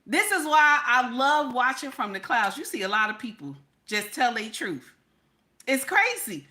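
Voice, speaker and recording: A married woman hosting her own channel, giving blunt, profane, animated commentary straight to her viewers. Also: on the high side, a little slow. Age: adult, married. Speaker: channel host.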